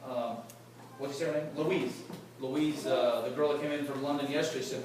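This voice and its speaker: Speaking briskly in a steady, medium-pitched voice, a sales leader jokes and chats his way through a casual motivational talk, quizzing the crowd at a company event. The audience fills a large, echoey room, and the distant mic picks up background noise.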